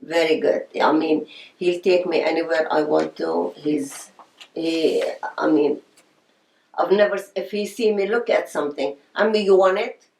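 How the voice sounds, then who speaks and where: A woman's voice: low voice, steady tone, a little slow, vocal fry, darkish tone. Older woman recalling her life, echoey room. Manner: reminiscing, storytelling with quoted voices. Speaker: interviewee. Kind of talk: oral history interview.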